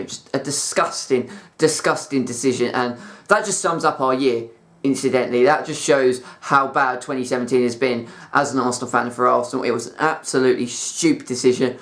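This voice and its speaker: Angry man, football rant, exasperated, mid-pitched voice, lots of "like" and "you know". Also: a bit bright. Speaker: football fan vlogger. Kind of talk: angry ranting commentary.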